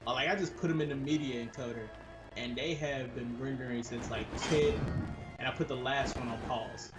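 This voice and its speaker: A man's voice: mid-range voice, steady tone, normal speed. A man co-hosting a gaming stream, chatting casually and animatedly, often slipping into mock accents and voices. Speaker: gaming channel co-host. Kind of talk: casual chat while streaming a game. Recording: echoey room with loud game music.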